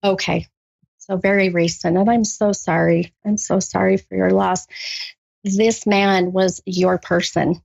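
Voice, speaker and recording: A woman doing a psychic reading for a caller, halting with many ums, then bursting into gushing excitement. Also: medium pitch, creaky, no echo, dull audio. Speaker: psychic medium. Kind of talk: live spirit reading with a caller.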